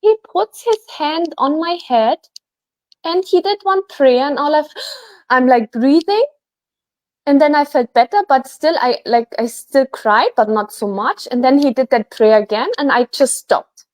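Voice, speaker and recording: A woman guest, a healer, telling a personal story in a chatty, animated way, full of fillers. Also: high voice, a little slow, no room sound. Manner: animated, chatty, many fillers like "like" and "you know". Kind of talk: casual storytelling.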